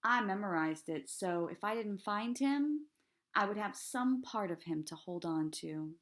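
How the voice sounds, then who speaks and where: A woman teacher reading a children's chapter book aloud at a calm, steady pace. Her voice sits in a middle pitch and stays plain and even. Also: a little slow.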